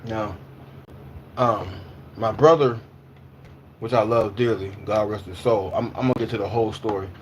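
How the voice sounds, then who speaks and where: A man's voice: lowish voice, fairly even intonation, moderate pace, long pauses, a little hiss or hum. A man in his twenties or thirties chatting casually on a livestream. He talks in a loose, slangy way, repeats himself, and answers viewers' comments as he goes.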